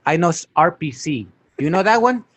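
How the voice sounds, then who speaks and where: A man's voice: fairly high pitch, lively intonation, fairly quick, fairly bright tone, breathy edge, no echo, pitched above the performer's own voice. A man voicing an older Mexican uncle with a heavy Mexican Spanish accent, calling about a nanny job and bragging about his skills. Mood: boastful. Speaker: podcast co-host.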